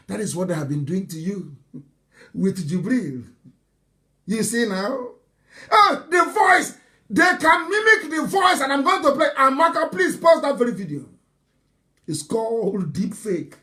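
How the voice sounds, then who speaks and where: Guy doing a live broadcast, high voice, mocking, gets loud then drops low. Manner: animated and mocking, swings between loud outbursts and low asides. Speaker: broadcaster addressing followers.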